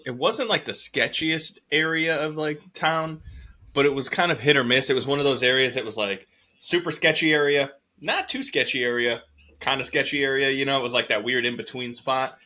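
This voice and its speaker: Chill podcast host guy, bright voice, swears a lot, tells stories acting out everyone. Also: mid-range voice, moderate pace. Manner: laid-back, swears casually, acts out quoted voices. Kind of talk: casual chat.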